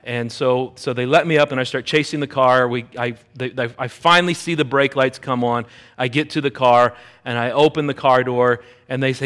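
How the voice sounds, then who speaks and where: A middle-aged pastor preaches a sermon, telling a personal story with lively energy and acting out the voices of the people in it. His voice is smooth and medium-pitched, at a normal speed.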